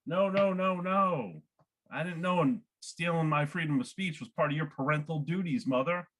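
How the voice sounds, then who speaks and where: A man doing a stand-up set at an online open mic, animated and laughing at his own jokes. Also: a little high, moderate pace. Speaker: stand-up comedian.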